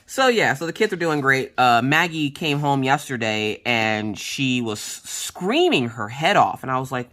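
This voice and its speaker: A woman vlogger chatting casually while crafting, telling stories from home in an animated, blunt way and acting out what people said. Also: a bass voice, measured pace, few pauses. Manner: animated, acts out quoted voices. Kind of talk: casual storytelling chat.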